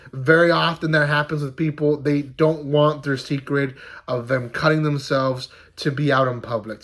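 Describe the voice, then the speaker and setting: A man's voice: on the high side, fairly bright tone. A young man reviewing a manga chapter in a casual, rambling recap.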